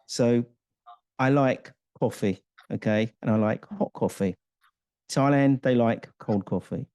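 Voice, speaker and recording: Male podcast host, mid-pitched, relaxed storyteller, dry close sound. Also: measured pace, smooth, no room sound. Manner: anecdotal, chatty storyteller. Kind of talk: casual interview conversation.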